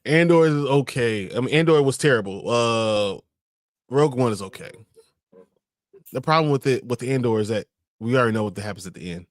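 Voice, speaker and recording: A man's voice: mid-range voice, expressive, fairly quick, no echo, studio quality. A man co-hosting a livestream show in casual chat, laid-back and teasing.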